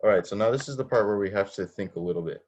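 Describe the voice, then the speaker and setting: The recording is muffled as a man with a lowish, darkish voice races through an online robotics coding lesson. As the instructor, he goes step by step, questions his students, and repeatedly begins his sentences again.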